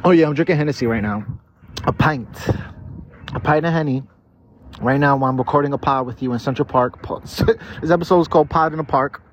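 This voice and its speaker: A man's voice: fairly high pitch, brisk, a little hiss or hum. A tipsy man hosting a podcast outdoors in a city park. He rambles through a casual, profane monologue, full of stammered restarts. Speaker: podcast host. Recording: dull lo-fi outdoor recording.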